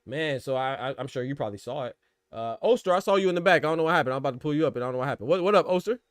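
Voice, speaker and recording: A man's voice: medium pitch, animated, racing, dry recording, clean studio sound. Slangy, laughing male podcast host. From Florida. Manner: loose, slangy, laughs often. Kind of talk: casual livestream chat.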